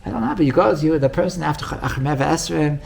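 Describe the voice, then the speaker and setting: Male rabbi, gravelly tone, energetic storyteller, many restarts, acts out quotes. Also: fast talker. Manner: animated storytelling, acts out quoted voices with big pitch jumps; many restarts and repeated words. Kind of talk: storytelling Torah class.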